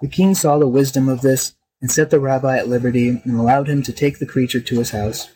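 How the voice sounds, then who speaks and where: A man narrating a folk tale in a steady, expressive reading. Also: mid-range voice, a little fast, rough recording. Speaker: storyteller. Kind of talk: scripted storybook narration.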